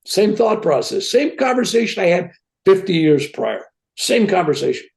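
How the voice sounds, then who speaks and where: A man in his seventies, a guest telling a personal story in an animated way, often tagging his sentences with "right?". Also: sits high, normal speed, gravelly. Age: 70s. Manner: animated, tag questions like "right?".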